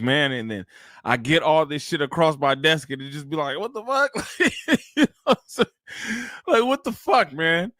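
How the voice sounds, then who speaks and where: A man's voice: medium pitch, fairly bright tone, dry recording. A man hosting a live-stream reaction, talking loosely and profanely into a close streaming mic and breaking into bursts of laughter.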